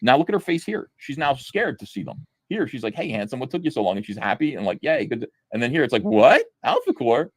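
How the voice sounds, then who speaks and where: A man's voice: medium pitch, sing-song, fast talker, few pauses, no echo. A man hosting a comics review show, giving sarcastic reaction commentary and mocking the dialogue he reads. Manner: swears freely.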